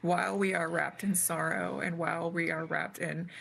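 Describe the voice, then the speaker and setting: A woman, a grieving mother, speaking slowly and haltingly in an emotional interview, pausing often. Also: fairly low pitch, level tone, vocal fry, a bit bright. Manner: slow, halting, with many pauses and fillers.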